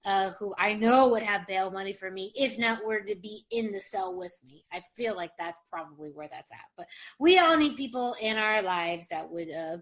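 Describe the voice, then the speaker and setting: Her voice sits lowish and a bit bright as she co-hosts a casual podcast over a webcam video call. She's chatty and rambling, laughing often throughout.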